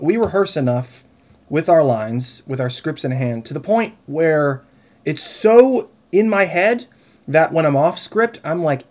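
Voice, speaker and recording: A man's voice: fairly high pitch, darkish tone. Tipsy young man rambling to camera. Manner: chatty and rambling, laughs often; eating while talking. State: a little tipsy. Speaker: vlogger. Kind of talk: casual chat to camera.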